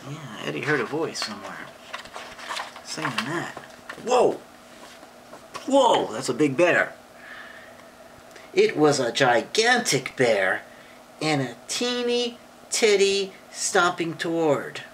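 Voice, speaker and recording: Slow, lively woman reading a storybook. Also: low voice, slight background noise, poor audio. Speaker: parent reading to a child. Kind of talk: reading a picture book aloud.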